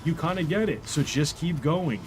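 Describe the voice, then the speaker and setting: A man voicing a soothing, deep-voiced male game guide narrator, talking in a smooth, warm, deliberate way. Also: faint music behind, close to an everyday voice.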